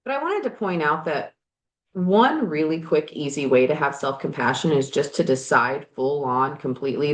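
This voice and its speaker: A woman who works as a life coach and hosts a podcast speaks frankly and with animation while tinkering on projects in her garage, swearing now and then. Her voice is low and her pace moderate. The candid motivational chat has a roomy, echoing sound.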